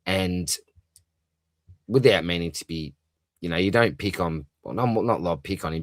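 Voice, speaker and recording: A deep-voiced Australian man hosts a live stream from home. He reads viewers' comments aloud and answers in a loose, friendly, rambling way, calling everyone mate. The sound is dry and close to the mic. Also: fairly bright tone, no echo. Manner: chatty, matey, calls everyone mate, lots of fillers. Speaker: fantasy football livestream host.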